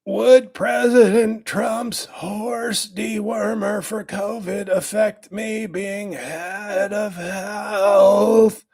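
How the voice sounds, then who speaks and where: A man doing a comedic impression of a boastful, cranky older male health official, with a raspy, strained voice, rambling and bursting into shouts. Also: high voice, steady tone, very slow, hardly any pauses, heavily acted.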